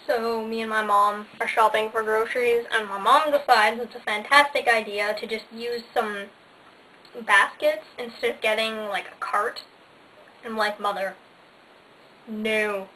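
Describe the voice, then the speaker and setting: A teenage girl rambles through her day in a casual home vlog, bubbly and sarcastic, her speech full of "like" fillers. Her voice sits fairly high. It was recorded on a camera mic a little distant from her, with a faint hiss underneath. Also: bright, forceful tone. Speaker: vlogger.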